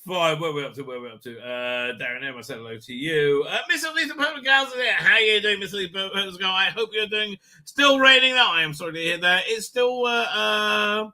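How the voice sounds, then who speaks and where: Middle-aged male stream host, higher-pitched, very sharp tone, rambling and profane. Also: animated, normal speed, few pauses. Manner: laughs often. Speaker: livestream host. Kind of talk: casual live chat.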